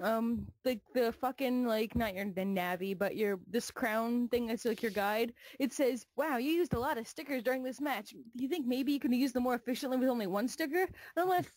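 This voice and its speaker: A woman's voice: a little high, no echo. Young woman chatting about games, laughing. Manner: animated, swears a lot, laughs often, many fillers. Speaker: co-host. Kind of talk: casual gaming chat.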